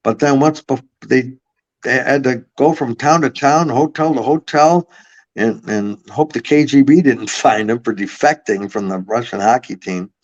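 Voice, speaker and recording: Heard at normal speed and medium pitch, a podcast guest hailing from Buffalo, New York tells drawn-out, rambling tales with plenty of cursing. The storytelling is relaxed, and the sound is a bit muffled.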